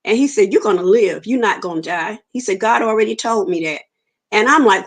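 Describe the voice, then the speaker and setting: A woman's voice: mid-range voice, expressive, brisk. A woman, giving an earnest personal testimony in an interview and acting out the dialogue she quotes. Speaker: interview guest.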